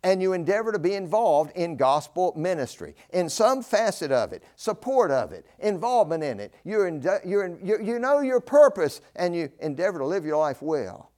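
An older man preaching a fervent sermon, swinging between loud declaring and low, slow emphasis. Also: very animated.

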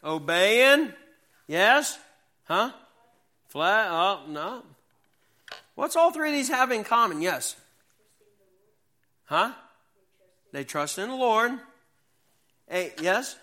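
A man teaching a Bible lesson to young people, reading scripture slowly and quizzing the class. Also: sits high, very animated, bright, forceful tone.

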